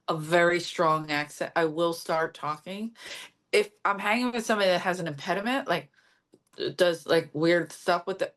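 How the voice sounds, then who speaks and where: A woman with a Philadelphia accent, a stand-up comedian guest telling stories in casual chat and acting out quoted lines. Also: lowish voice. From Philadelphia area. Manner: brash, animated storyteller acting out quotes.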